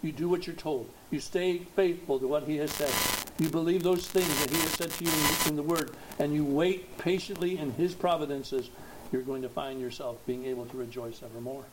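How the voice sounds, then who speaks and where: A man preaching a sermon, slow and emphatic, rising to loud exhortation at its peaks. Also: on the high side, steady tone, background noise.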